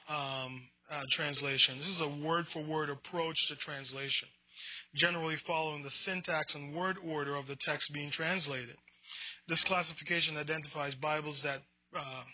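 A man's voice: a little high, highs cut off. A man teaching a Bible class in a conversational lecture, reading definitions and often restarting his words.

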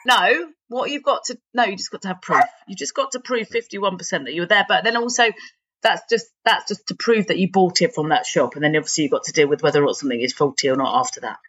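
A British woman with a bright, forceful voice talks through consumer law on a podcast, patient and easy to amuse. The audio is a little dull, as if slightly muffled. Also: lowish voice, fast, husky. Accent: British English. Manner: explains patiently, laughs easily. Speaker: podcast co-host, consumer rights expert. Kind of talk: casual chat.

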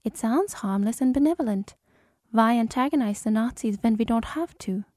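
A woman voicing a calm, firm mother. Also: on the high side, normal speed, dry recording, clean studio sound, lightly acted.

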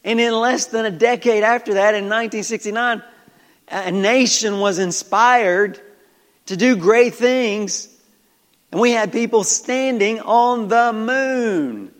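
A male pastor with a Southern country accent preaching a folksy sermon full of rhetorical questions, swinging between loud and hushed. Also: high voice, slow, in a large hall. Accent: American Southern country. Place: church sanctuary.

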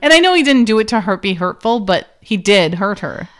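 A woman's voice: mid-range voice, sing-song, brisk, a bit bright. A woman in a casual podcast chat, animatedly retelling TV scenes and acting out the characters' lines. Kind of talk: casual chat about a TV episode.

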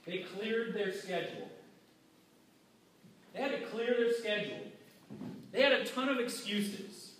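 Guy preaching a sermon, chatty and acting out the people in it, highish voice, big echoey hall from far off. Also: very animated, a little slow, pauses often, fairly bright tone, a little hiss or hum. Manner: conversational, acts out quoted voices. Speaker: pastor.

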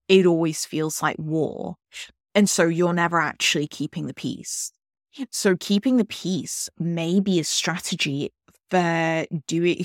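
A woman hosting a solo podcast, talking earnestly and directly to the listener in a calm way. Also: deep voice, no echo, studio quality. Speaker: podcast host.

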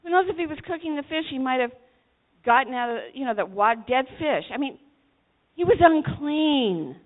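A woman's voice: high-pitched, animated, normal speed. A woman preaching a sermon to teenagers, telling the story dramatically and acting out the voices. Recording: tinny phone-like recording.

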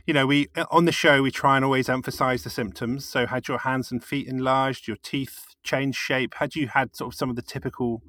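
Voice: medium pitch, steady tone, a little fast, hardly any pauses, fairly bright tone, no room sound. A show host interviewing a guest, asking careful questions and giving brief affirmations.

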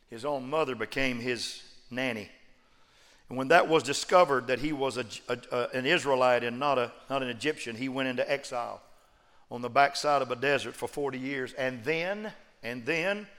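A man preaching a sermon, joking one moment and shouting emphatic refrains the next. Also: mid-range voice. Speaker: pastor. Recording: long reverb of a large hall.

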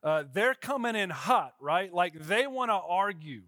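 A man's voice: sits high, lively intonation, unhurried, bright, forceful tone, dry recording, studio quality. A male pastor gives a casual, conversational sermon and often checks in with his listeners.

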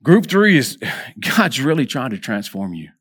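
A man preaching a sermon to a group of men. He calls for amens and repeats words as he restarts, climbing higher and louder when he exhorts, then dropping soft and low for prayers. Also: very animated, measured pace, slightly rough. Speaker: preacher at a men's gathering.

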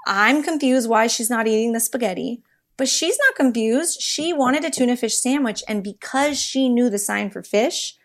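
A woman speaking as a guest author on baby sign language, telling lively stories in a casual chat with a lot of "like". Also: fairly high pitch, normal speed. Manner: lively storyteller, chatty, says "like" often.

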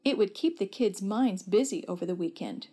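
A woman voicing a calm, matter-of-fact mother in a storybook reading. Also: mid-range voice, moderate pace, lightly acted.

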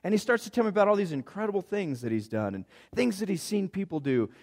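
A male pastor delivers a conversational sermon built around a personal story. His voice sits high for a man and swings widely, chatty and playful throughout. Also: big pitch swings, quick pace, a little mellow.

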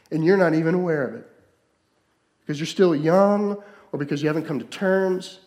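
A male pastor preaching a sermon, moving between loud, emphatic stretches and hushed, slowed-down lines. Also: on the high side.

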